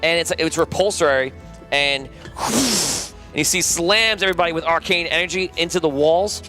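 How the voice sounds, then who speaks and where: A man runs a tabletop game as game master, describing scenes and calling for rolls. His voice sits a bit high for a man, and his telling is loose and amused. He laughs often as he narrates. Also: normal speed, over music.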